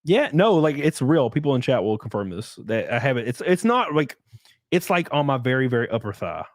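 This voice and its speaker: A man's voice: mid-range voice, sing-song, brisk, dry recording. A young man, a streamer and podcast host, chatting casually in a joking, teasing way. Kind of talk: casual chat.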